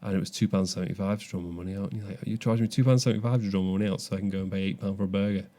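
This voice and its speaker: A man's voice: sits low, steady tone, very fast, warm tone. A young man co-hosting a podcast, telling a story animatedly with frequent restarts. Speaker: podcast co-host. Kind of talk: casual chat.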